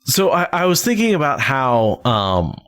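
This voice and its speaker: A man's voice: medium pitch, sing-song, a little slow, fairly bright tone. A young adult man co-hosting a casual book podcast, joking around with goofy sung sounds and mock voices. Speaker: podcast co-host. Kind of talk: casual book discussion chat.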